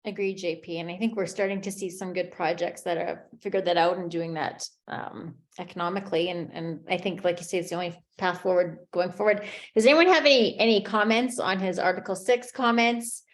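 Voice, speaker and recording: A woman's voice: on the low side, steady tone, a little fast. A woman moderating a panel discussion, adding her own views and steering the talk with questions to the panelists.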